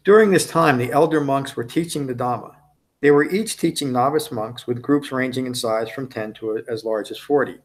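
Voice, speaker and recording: A man's voice: medium pitch, moderate pace. A man teaching at a meditation retreat, speaking conversationally to the group, often ending points with tag questions and restarting sentences as he goes. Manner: restarts and self-corrections mid-sentence. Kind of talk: dharma talk to a retreat group.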